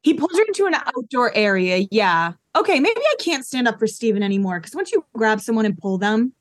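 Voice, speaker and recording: A woman's voice: on the high side, big pitch swings, brisk, dry recording, clean studio sound. A woman in her thirties from Massachusetts, a podcast guest telling stories frankly in casual chat. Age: 30s.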